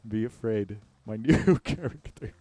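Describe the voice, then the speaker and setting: A man's voice: fairly low pitch, unhurried, warm tone, dry recording. A male streamer chatting casually while he plays a game. He jokes loosely with his chat, swears freely and laughs often between his lines.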